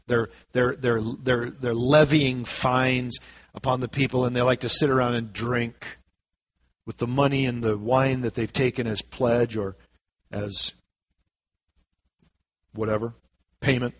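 A preacher reading scripture aloud in a sermon, slowing down for the verses and adding lively asides with fillers. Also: male voice, mid-range voice, husky. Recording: dull lo-fi recording.

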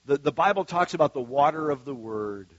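A man's voice: fairly high pitch, lively intonation, brisk, dry recording, lo-fi sound. A man preaching a sermon as pastor in a conversational way, with frequent asides and restarts.

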